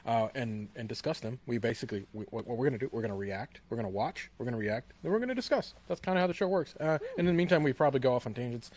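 A man's voice: medium pitch, lively intonation, rapid-fire, hardly any pauses, darkish tone. A man hosting a casual trailer podcast, rambling with many fillers and restarts. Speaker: podcast host. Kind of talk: casual chat.

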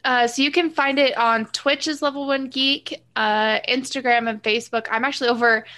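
A woman guest with a bright, sharp voice set a little high. She talks with rambling enthusiasm and keeps drifting off on tangents. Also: steady tone, moderate pace. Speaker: podcast guest. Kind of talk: casual podcast chat.

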